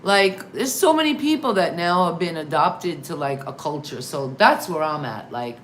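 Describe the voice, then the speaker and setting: A middle-aged American woman hosting a live interview show, chatting in a rambling, animated way. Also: on the low side, moderate pace. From United States. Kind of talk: casual live interview chat. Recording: echoey room, faint noise.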